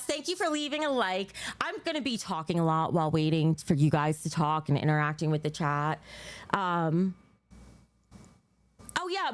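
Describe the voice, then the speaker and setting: A woman's voice: medium pitch, dry recording. A young adult woman livestreaming in a casual chat, gushing and emotional, rambling as she talks to her viewers.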